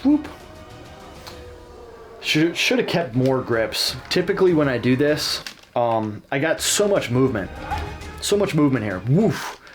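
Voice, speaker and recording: A man's voice: mid-range voice, big pitch swings, a little slow, long pauses, over music. A man hosting a casual reaction video, talking candidly and self-deprecatingly about his own match footage.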